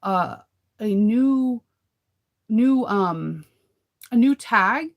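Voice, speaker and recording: A woman's voice: a little high, expressive, extremely slow, dull audio. A woman hosting a casual live chat with viewers about sewing, rambling and laughing often. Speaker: sewing channel host.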